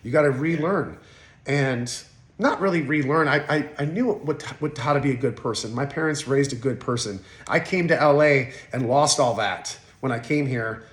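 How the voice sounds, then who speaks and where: A man's voice: mid-range voice, moderate pace. Candid man in his forties, roomy sound. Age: 40s. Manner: emotional, blunt and profane, many restarts. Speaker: podcast guest. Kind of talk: candid interview conversation. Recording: roomy echo.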